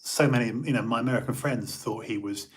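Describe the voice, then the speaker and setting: A man's voice: medium pitch, a little fast. An English man hosting a livestream, chatting casually and rambling with lots of fillers and restarts. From England. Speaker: livestream host. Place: home.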